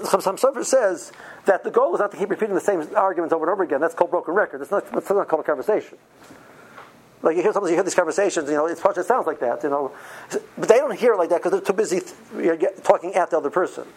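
A man teaching yeshiva students in an informal, animated Torah lecture, often stumbling and restarting his words. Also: high voice, very fast, slightly rough, low-quality recording. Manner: animated, stammering restarts, uses Yiddish and Hebrew study terms.

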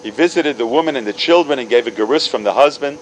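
A man in his fifties tells stories to a religious audience, animatedly acting out dialogue with big leaps in pitch and peppering his speech with Hebrew and Yiddish words. He talks at a quick pace, and the poor-quality audio carries a slight hiss or hum.

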